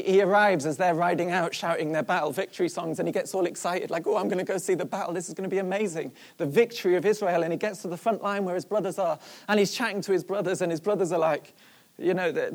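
A preacher giving a sermon, retelling a story in an animated way and asking the listeners rhetorical questions. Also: medium pitch.

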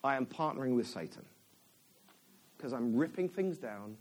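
A man's voice: mid-range voice, animated, normal speed. A man, a church elder, giving a chatty, self-deprecating sermon in a church.

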